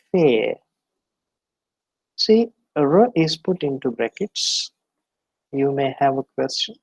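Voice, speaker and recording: A man lecturing on phonetics, slowly and deliberately sounding out example words. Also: medium pitch, creaky, a little mellow, slightly rough, no room sound, lo-fi sound. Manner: slow, deliberate, repeats example words aloud. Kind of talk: classroom lecture on pronunciation.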